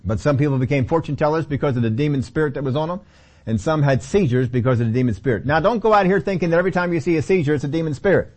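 A man's voice: a little high, very fast, darkish tone. A man teaching a Bible study sermon in a conversational way, often repeating key phrases.

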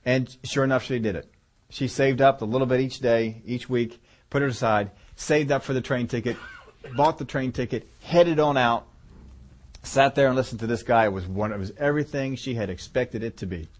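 A man's voice: mid-range voice, moderate pace. A man preaching a sermon in a folksy, conversational way, rambling a little as he tells a story to his congregation.

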